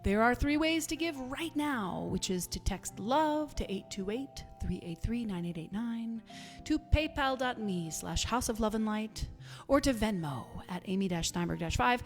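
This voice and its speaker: A woman's voice: on the high side, lively intonation, normal speed. Woman, spiritual minister, emphatic sermon, long reverb, faint music behind. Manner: emphatic, breaks into singing.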